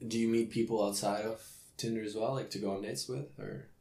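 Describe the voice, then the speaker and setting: A woman's voice: rumbling low, fairly even intonation, a little fast, warm tone. A woman interviewing someone, asking short probing follow-up questions. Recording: echoey room.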